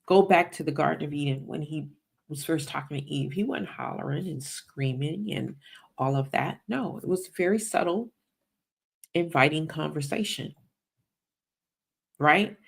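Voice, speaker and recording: A woman's voice: sits low, a little slow, gravelly, pauses often, breathy edge. A woman hosting a faith-based money podcast, teaching in an emphatic preaching style and often checking in with "right?". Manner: emphatic, repeats "right?" to the audience. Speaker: podcast host and Christian finance teacher.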